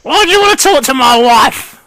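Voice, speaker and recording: A man voicing a very old, greasy, henpecked male gnome lord who talks in a high, fussy, evasive way. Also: expressive, a little fast, pushed and bright, a little hiss or hum, heavily acted. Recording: dry close mic over an online call.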